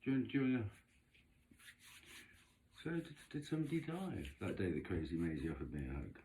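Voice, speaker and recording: A man talks in a very low voice that still swoops widely up and down. His chatty, gossipy rambling about tarot cards and neighbours is full of camp asides. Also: huge pitch swings, brisk, dark tone, a little hiss or hum. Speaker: vlogger doing tarot readings. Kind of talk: casual rambling monologue.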